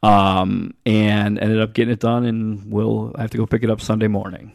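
Gravelly low-voiced young man chatting. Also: flat delivery, normal speed, darkish tone, dry recording, clean studio sound. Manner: rambling storyteller, swears casually. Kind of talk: casual chat.

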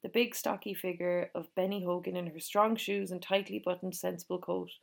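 A woman reading a novel aloud, gently voicing the characters in dialogue. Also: fairly low pitch, steady tone, fairly quick, vocal fry. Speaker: reader.

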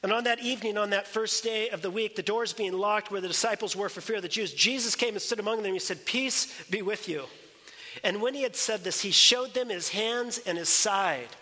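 A man's voice: high-pitched, a little fast, hardly any pauses, pushed and bright. A man preaching a sermon as pastor, emphatic and conversational, with joking asides. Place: church sanctuary. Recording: long reverb of a church hall.

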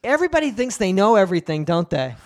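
A man co-hosting a comedy podcast, ranting crudely with lots of swearing. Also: animated. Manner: profane, ranting, rapid swings in pitch. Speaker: podcast co-host.

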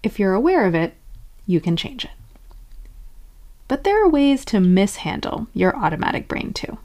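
A woman hosting a self-help episode, calmly explaining ideas and acting out short quoted lines of inner talk. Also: mid-range voice, normal speed. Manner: acts out inner-voice examples in lively quoted asides. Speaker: self-help podcast host. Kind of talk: scripted explainer narration.

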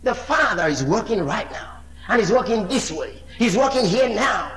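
A male preacher with a high voice that leaps and swoops as he drives home his sermon. He swings from fervent shouting to quiet, low asides, and the sound rings in a reverberant hall. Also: animated, normal speed.

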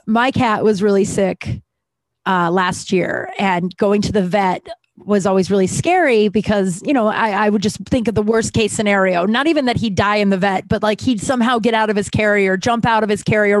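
A woman's voice: mid-range voice, no room sound. A woman talking candidly in a casual conversation about recovery, rambling and self-searching, swearing freely. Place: Los Angeles area.

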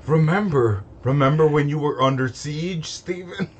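A man's voice: on the high side, moderate pace, slight background noise. A man co-hosting a casual comedic chat, giggling often and egging his partner on. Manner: giggly, eggs the other on.

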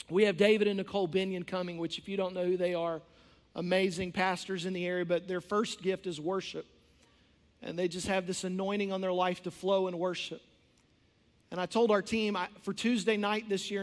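A man preaching an impassioned sermon as a pastor, with storytelling and conversational asides. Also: sits high. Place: church sanctuary. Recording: long church hall reverb.

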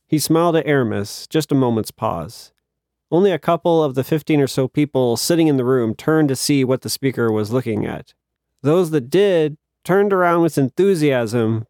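A man narrating an audiobook in a measured storytelling manner, lightly voicing the characters. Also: medium pitch, darkish tone, dry recording, studio quality.

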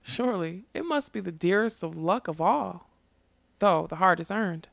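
A rueful, kindly male magician who mocks himself, read by a woman. The voice stays low and slightly gravelly, recorded close and dry. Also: lively intonation, no echo. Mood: wry, gentle. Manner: halting, apologetic and wry. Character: remorseful male magician, wry and gentle.

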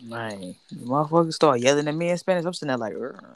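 A man's voice: fairly high pitch, expressive, a crowd in the background. A man chatting casually with friends, teasing and laughing as he talks. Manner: playful, teasing, drawn-out laughing remarks. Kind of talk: casual group chat.

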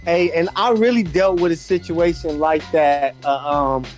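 A man with a notably high voice hosts a loose, slang-filled podcast chat. Soft music plays faintly underneath his talk. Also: normal speed. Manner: laid-back slangy banter. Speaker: podcast host. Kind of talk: casual chat.

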